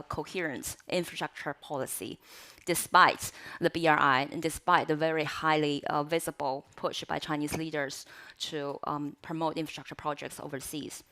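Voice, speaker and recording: Low-voiced woman with a cough. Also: fairly bright tone. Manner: measured, with frequent fillers and self-corrections. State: has a cough, voice altered by a cough drop in her mouth. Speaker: conference panelist. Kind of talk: academic panel talk.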